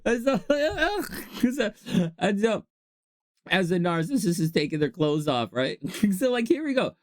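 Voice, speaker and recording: Vlog host, casual advice monologue, very lively pitch, dry close sound. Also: measured pace, dry recording. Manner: animated, laughs often, swings between low asides and high exclamations. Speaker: channel host.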